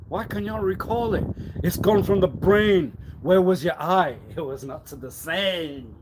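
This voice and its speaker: A man rambling on a live stream, repeating himself and swinging suddenly between loud and quiet. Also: high-pitched, unhurried, noisy background. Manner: erratic, repetitive, with sudden swings in loudness. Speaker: livestreamer.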